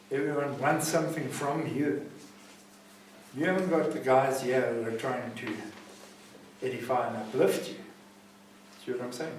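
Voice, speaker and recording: A man's voice: mid-range voice, darkish tone, slight background noise. A South African man teaching a class at a recovery centre in an emphatic, preaching style, often checking that his listeners follow him. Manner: emphatic, keeps asking "see what I'm saying?". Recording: very echoey room, mic far off.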